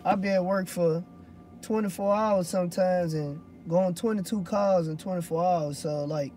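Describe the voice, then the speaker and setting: High-voiced rambling trucker. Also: male voice, moderate pace, mellow, faint music behind. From Louisiana. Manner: loose and rambling, swears when annoyed. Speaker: hotshot truck driver. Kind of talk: casual vlog chat answering viewers.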